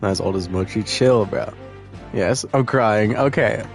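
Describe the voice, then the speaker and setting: A man's voice: on the low side, measured pace, gravelly, faint music behind. A man chatting casually while streaming a game, jokey, self-mocking and swearing.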